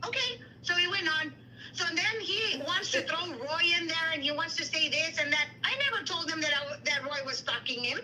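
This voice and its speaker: Indignant high-voiced woman. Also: sharp tone, slight background noise, poor audio. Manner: indignant, rapid retelling with quoted dialogue, mixes Spanish. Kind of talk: heated livestream chat.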